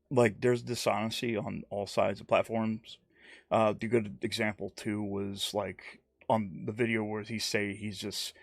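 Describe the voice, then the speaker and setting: A man's voice: on the low side, vocal fry, no echo. A man giving rambling, casual streamed commentary, repeating himself and mocking others in put-on quotes. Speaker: YouTube commentator.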